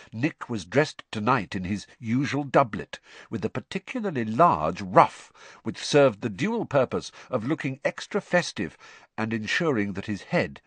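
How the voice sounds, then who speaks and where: A male audiobook narrator reads a novel aloud as scripted narration, his lowish, slightly breathy voice rising and falling with lively expression. He paces himself in a measured, deliberate way, and the close, dry recording has no room sound.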